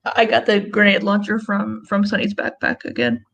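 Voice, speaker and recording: A woman player in a tabletop game, giving brief, low-key replies. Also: sing-song, moderate pace, creaky, fairly bright tone. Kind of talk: casual tabletop play.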